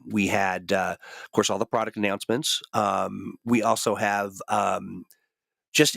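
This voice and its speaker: Rambling livestream host, lowish dry voice. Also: male voice, gravelly, a bit bright, no room sound. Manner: rambling, full of fillers and restarts. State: recovering from a cold. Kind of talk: casual livestream chat.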